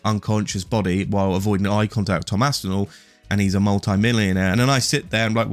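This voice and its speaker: A man's voice: on the low side, steady tone, fast talker, no echo, faint music behind. A man in his late twenties giving opinionated, casual sports commentary to his viewers. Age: late 20s. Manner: opinionated, talks straight to the viewer.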